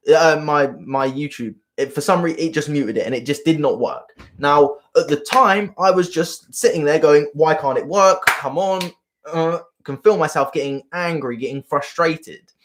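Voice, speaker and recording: A man coaching viewers on a live stream, earnest and rambling, often repeating himself. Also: fairly high pitch. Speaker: self-help coach.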